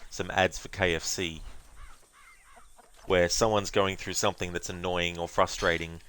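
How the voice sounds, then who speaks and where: Male streamer, deep low voice, loose rambling chat to viewers. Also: level tone, moderate pace, fairly bright tone, clear, resonant tone. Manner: chatty, rambling, thanking viewers, breaks into silly voices and laughs. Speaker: game streamer. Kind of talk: casual live-stream chat.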